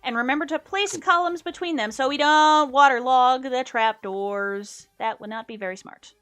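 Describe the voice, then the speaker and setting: Young female streamer, casual, self-deprecating, fairly high voice, light music bed. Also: normal speed. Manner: chatty, self-mocking, hums little sound effects. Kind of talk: casual gameplay chat. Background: soft music.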